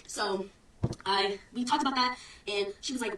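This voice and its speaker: A young woman student rapidly and defensively recounting an incident to her followers. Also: medium pitch, fairly bright tone, echoey room, far from the mic, low-quality recording. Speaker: student telling her story. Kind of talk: storytime recounting events to followers.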